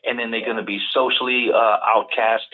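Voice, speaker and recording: A man with a Cajun Southern accent, a guest on a call-in show, talking in halting bursts full of repeated words. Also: medium pitch, flat delivery. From Louisiana, US South. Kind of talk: casual call-in talk. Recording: tinny phone-line audio.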